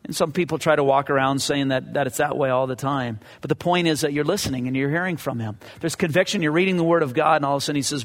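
A man's voice: fairly high pitch, fast, gravelly, long reverb tail. A man preaching a sermon as pastor, earnest and conversational, often repeating his words as he goes.

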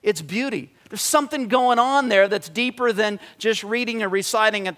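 A man preaching a sermon, animated and conversational, often restarting his sentences. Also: high-pitched, normal speed, hardly any pauses. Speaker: pastor.

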